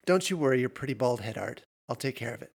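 A woman's voice: extremely low pitch, lively intonation, fast talker, creaky, darkish tone, husky, full character voice. A man doing a teasing school staffer woman.

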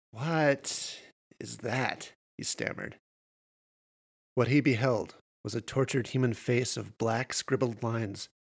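A man narrating horror fiction in a measured storytelling voice. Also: mid-range voice, creaky.

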